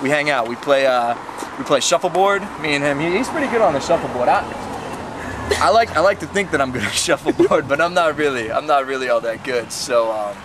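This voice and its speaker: A man's voice: animated, brisk, background noise. A young man rambling through an improvised comedy sketch as a goofy salesman, recorded outdoors by a street. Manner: rambling, goofy, high put-on voice early.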